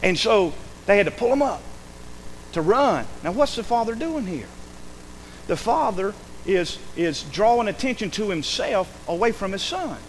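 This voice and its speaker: A man's voice: high voice, animated, moderate pace, a little hiss or hum, poor audio. Emphatic man preaching a sermon. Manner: emphatic, acts out quoted speech, calls for amens. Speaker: pastor.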